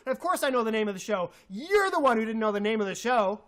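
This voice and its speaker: A man's voice: high voice, big pitch swings, fast, a bit bright. A man co-hosting a talk show, ranting in a heated voice, repeating himself and hurling insults. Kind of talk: angry radio rant.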